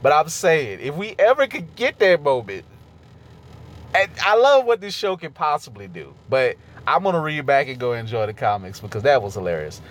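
A man co-hosting a podcast in casual chat, animated, laughing often and swearing casually. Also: a little high, normal speed. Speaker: podcast co-host.

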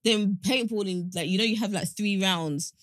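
A woman in casual chat, excitable and laughing loudly. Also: medium pitch, normal speed.

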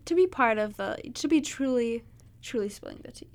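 A woman chats as a guest on a casual podcast, her voice pitched on the higher side. She is playful and riffs on the host's lines, but stalls with fillers when talking about herself. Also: lively intonation, a little fast. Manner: playful, echoes the host, hesitant fillers. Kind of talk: casual chat.

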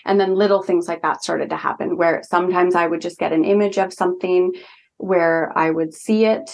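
A young woman with a lowish, gravelly voice recounts a personal experience in a casual podcast conversation. She talks in an earnest, chatty way, full of "like" fillers. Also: fairly even intonation, normal speed. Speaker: guest, holistic healing practitioner. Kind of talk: casual storytelling in a podcast interview.

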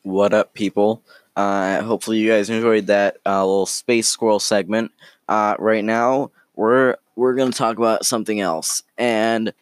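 Rambling, smooth-voiced male storyteller. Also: fairly low pitch, fairly even intonation, no room sound, clean studio sound. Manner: rambling, halting, full of restarts. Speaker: storyteller, podcast host. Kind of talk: casual improvised storytelling.

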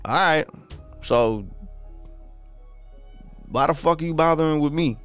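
A man's voice: a little high, unhurried, long pauses, clean tone, faint music behind. A man hosting a podcast, ranting in a casual, profane and frustrated monologue.

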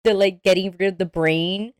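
A woman co-hosting a podcast, chatting about a movie in an animated way, laughing often and acting out quotes. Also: medium pitch, normal speed, no room sound, clean studio sound. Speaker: podcast co-host. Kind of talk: casual movie discussion.

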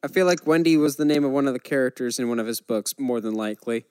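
A man co-hosting a casual chat show, animated and joking with quick asides. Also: medium pitch, smooth, no echo. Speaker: podcast co-host.

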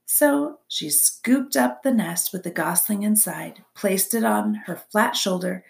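A woman's voice: mid-range voice, slow pace, gravelly. Woman reading a children's book. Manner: expressive storytelling. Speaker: narrator. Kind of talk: reading a children's novel aloud.

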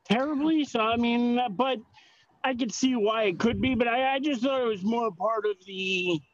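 A man co-hosting a podcast, giving measured, hedging opinions with many fillers in casual chat. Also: very high voice. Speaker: podcast co-host. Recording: slightly dull lo-fi audio.

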